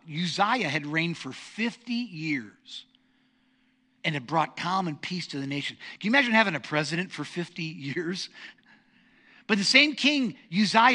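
A middle-aged man preaching a sermon as pastor, telling stories in an animated, self-deprecating way. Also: high voice. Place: church sanctuary.

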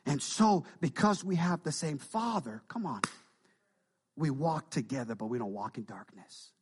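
A man preaching a sermon as pastor, animated, with frequent call-and-response asides to the congregation. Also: on the high side, moderate pace, noisy background.

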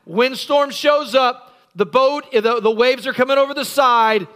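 Male pastor, very high and bright voice, animated storytelling sermon with shouted bits. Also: measured pace. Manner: animated storytelling preacher, acts out scenes and shouts. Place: church.

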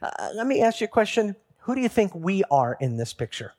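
Pastor guy telling stories from the pulpit, builds up to loud emphatic bits then drops back. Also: sits high, very animated, a little fast. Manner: storytelling, building to emphatic peaks. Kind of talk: sermon.

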